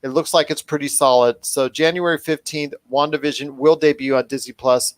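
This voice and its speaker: Brief: male podcast host, excitable and rambling, slightly higher voice, dry close sound. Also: fairly quick, no room sound. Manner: enthusiastic, rambling with restarts. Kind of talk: casual podcast chat.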